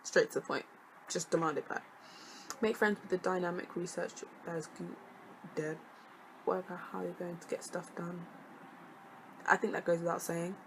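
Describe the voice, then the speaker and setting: A woman's voice: fairly low pitch, steady tone, normal speed, long pauses, a little hiss or hum, poor audio. A young woman, a student vlogger chatting casually to camera, sassy and jokey with lots of laughing asides. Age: young adult.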